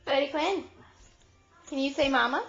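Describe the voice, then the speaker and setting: A woman's voice: sits high, normal speed, a bit bright, soft background music. A mother in a casual home video, playfully teasing and coaxing her toddler with sing-song questions. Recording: dull lo-fi home video recording.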